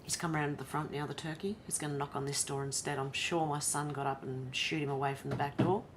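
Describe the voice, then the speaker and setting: Low-pitched and fast, with fairly even intonation, an Australian woman reads news on a home livestream over a faint hiss or hum. Her reactions are exasperated and incredulous, often tipping into laughter.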